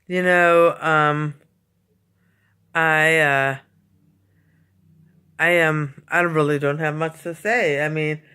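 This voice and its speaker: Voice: mid-range voice, fairly even intonation, slow pace, long pauses, pushed and bright, smooth. A vlogger chatting casually from a home basement, rambling and repeating itself with lots of fillers and frequent yawns. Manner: yawning often. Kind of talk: casual rambling vlog chat.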